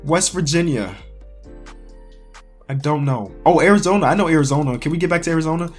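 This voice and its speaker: Over soft background music, a man from the Chicago area commentates casually on a sports quiz in a fairly high voice, talking a little fast. This sports YouTuber is excitable, talking to himself and yelling out in frustration.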